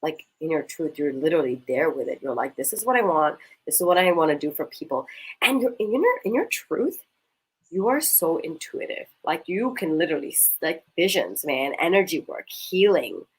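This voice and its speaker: A woman leading a coaching exercise in casual chat, talking in an animated, gushing way and swearing casually. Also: deep voice, normal speed, husky, poor audio.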